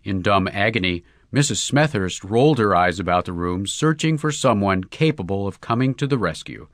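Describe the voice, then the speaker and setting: Guy reading a funny short story, low voice, swoops around a lot. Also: normal speed, dry recording, clean studio sound. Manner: lively character-driven storytelling. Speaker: narrator.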